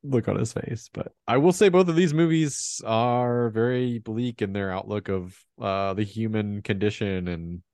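Brief: low-voiced, gravelly male podcast co-host, rambling film chat, dry close sound. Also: a little slow, hardly any pauses, darkish tone, no room sound. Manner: rambling, filler-heavy, laughs easily. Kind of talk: casual film discussion.

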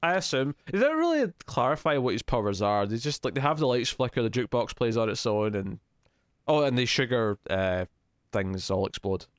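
A man co-hosting a podcast, chatting in an animated, jokey, rambling way about a TV episode. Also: medium pitch, moderate pace, clear, resonant tone, no echo, clean studio sound. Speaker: podcast co-host. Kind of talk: casual chat reviewing a TV episode.

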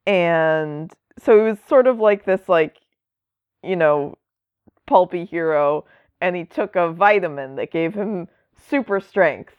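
Woman, co-host, casual chat, unhurried, dry close sound, slightly muffled. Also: lowish voice, animated, smooth, no room sound. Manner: chatty, explaining at length with asides. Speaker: podcast co-host. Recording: dull lo-fi sound.

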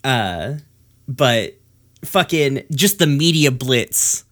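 A man's voice: medium pitch, animated, extremely slow, a bit bright. A man co-hosting a casual podcast, ranting with heavy swearing. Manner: profane, ranting.

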